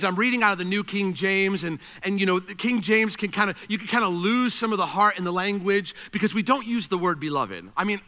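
A man preaching a sermon, animated, swinging between loud emphasis and quiet intensity. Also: high voice. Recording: reverberant hall.

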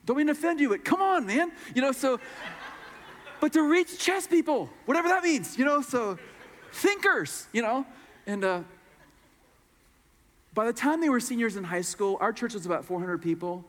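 A middle-aged man preaches and tells a story from the pulpit. He acts out the people in it in a high, very lively voice. A long reverb from a large hall trails behind him. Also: normal speed, long pauses. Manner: animated storyteller acting out voices. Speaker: pastor. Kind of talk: sermon storytelling.

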